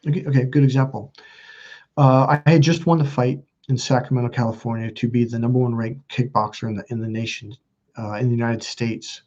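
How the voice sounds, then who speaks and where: A man's voice: medium pitch, fairly even intonation, fairly quick, a little mellow, dull audio. A man hosting a casual livestream, swearing freely, emphatic, often restarting his sentences. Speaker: self-help channel host.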